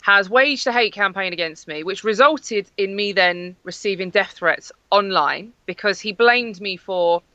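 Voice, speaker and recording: A woman's voice: mid-range voice, unhurried, few pauses, sharp tone, dry recording, lo-fi sound. A woman from Northern Ireland answering interview questions as a guest, speaking earnestly and with emphasis.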